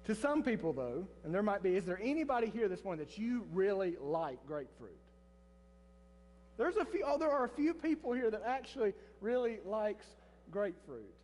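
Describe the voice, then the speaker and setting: A pastor preaching a sermon in church, telling a story with restarts and asides to the congregation. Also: male voice, high voice, sing-song, moderate pace, darkish tone, in a large hall. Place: church sanctuary.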